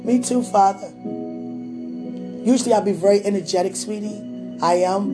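A woman speaks a personal, devotional message to a loved one in a fervent, prayerful way. She talks slowly and lingers on her words, calling out to God as she goes. Music plays clearly in the background. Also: lowish voice. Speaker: woman sharing a spiritual message.

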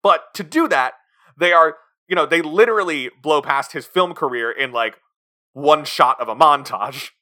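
A man co-hosting a podcast chats casually about a film, acting out scenes in put-on voices. His voice is fairly high-pitched, pushed, and bright, at normal speed.

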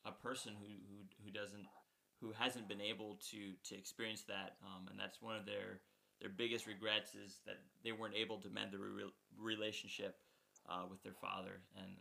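Male interviewer, low, gravelly, very bright voice, hesitant phrasing. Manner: hesitant, searching for words. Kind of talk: interview questions.

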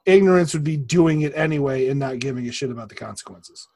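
Husky young man, swearing and laughing. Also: mid-range voice, quick pace, darkish tone. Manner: laughs often, swears freely, rambling storyteller. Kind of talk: casual chat.

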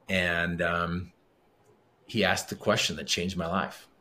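A man's voice: sits low, level tone, measured pace, bright, forceful tone. A middle-aged man, a podcast guest, telling a personal story in a conversational way and acting out the dialogue. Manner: vivid storyteller who acts out quoted dialogue.

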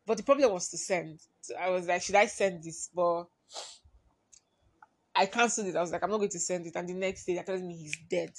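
A woman's voice: fairly low pitch, brisk, no echo. Woman confiding in a dry, close voice. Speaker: podcast host. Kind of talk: personal podcast monologue.

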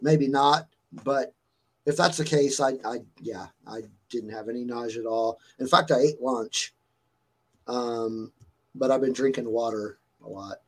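A man's voice: medium pitch, a little slow, poor audio. A man hosting a stream, telling a story in a rambling, chatty way full of fillers while still getting over a fever. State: recovering from a fever. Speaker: stream host. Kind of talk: casual chat.

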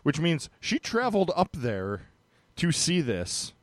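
A man's voice: on the high side, big pitch swings, a little slow, no room sound. Rambling, joking male podcast host. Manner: rambling, many fillers, joking. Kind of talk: casual podcast chat.

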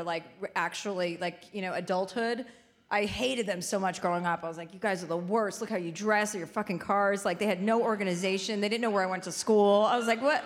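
A woman in her forties hosting a live show, telling a crude story with lots of laughter and swearing. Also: medium pitch. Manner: animated, swears, laughs through her stories. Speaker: podcast host. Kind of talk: live comedic storytelling chat. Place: live stage before an audience. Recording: long hall reverb, faint ambience.

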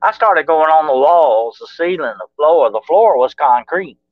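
A man's voice: a little high, animated, a little slow, dry recording. Man, guest investigator, earnest, explanatory, muffled lo-fi call audio. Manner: earnest, explanatory, filler-heavy storytelling. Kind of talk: casual chat.

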